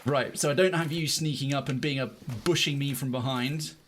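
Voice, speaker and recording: A man giving casual, self-mocking commentary while streaming a game, breaking into excited outbursts. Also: mid-range voice, brisk, a little hiss or hum.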